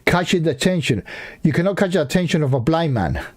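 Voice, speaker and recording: A man's voice: fairly high pitch, animated, fast talker. A man ranting in a reaction video, swearing heavily and mocking the speaker he is watching. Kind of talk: profane ranting reaction commentary.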